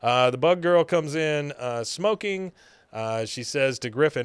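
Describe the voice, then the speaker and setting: A man's voice: on the high side, expressive, unhurried, clear, resonant tone, dry recording. Chuckling man recapping a cartoon episode. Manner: laughs through retelling scenes, many uh fillers. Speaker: podcast co-host.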